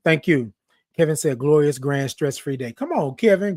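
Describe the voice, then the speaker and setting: On his morning livestream, a Texas host playfully reads comments from viewers, his fairly high voice a little mellow with lively intonation at a normal speed. The audio is dry and of studio quality.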